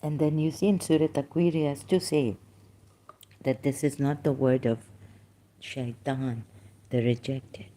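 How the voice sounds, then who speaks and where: A man from Pakistan in a solo live-stream monologue, speaking slowly and haltingly with many hesitations, sometimes dropping to a soft whisper. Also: on the high side, steady tone. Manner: slow, halting, with many hesitations and trailing asides.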